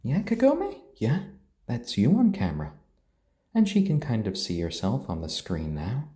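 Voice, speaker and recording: A man with a mixed British and American accent, chatting gently on a live stream and cooing to his pets. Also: medium pitch, wildly swooping pitch, unhurried, reverberant. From born in Tokyo, raised British and American. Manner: gentle, soft-spoken, coos at pets. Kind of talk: casual live-stream chat.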